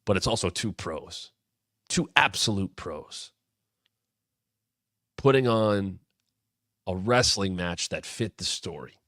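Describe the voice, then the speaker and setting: Slow and animated, with long pauses, a low, fairly bright-voiced man in his thirties hosts a wrestling show and walks through a storyline's history. His casual retrospective commentary is enthusiastic and punctuated by sudden bursts, captured in clean studio sound with no echo.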